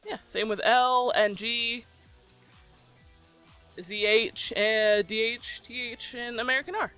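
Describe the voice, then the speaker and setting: A bright, forward voice walks through a software tutorial in an easygoing, conversational way, dropping in ums as it goes. Soft music plays faintly underneath. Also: mid-range voice, slow, clean tone. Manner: relaxed, chatty, with frequent ums. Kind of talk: casual tutorial explanation.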